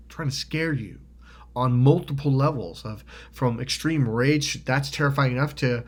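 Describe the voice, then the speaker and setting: Speaking at medium pitch and a moderate pace, a man who hosts motivational videos tells a rambling personal story. He keeps restarting, curses casually, and performs quoted voices loudly.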